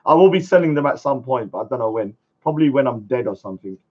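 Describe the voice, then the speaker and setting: Excitable man on lo-fi live stream. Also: medium pitch, quick pace, slightly rough. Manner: rambling, excitable, shouts at viewers. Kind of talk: casual live stream chat. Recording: dull lo-fi stream audio.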